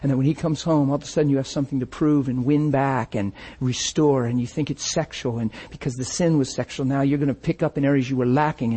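An older man preaching a sermon, telling stories and acting out what people said, with an animated manner and frequent laughter. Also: medium pitch, slightly rough. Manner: animated, acts out quoted voices, laughs often. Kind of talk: sermon storytelling.

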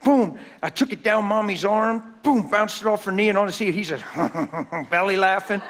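A man preaching a sermon through folksy, animated personal stories. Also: sits high, moderate pace. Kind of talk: storytelling sermon.

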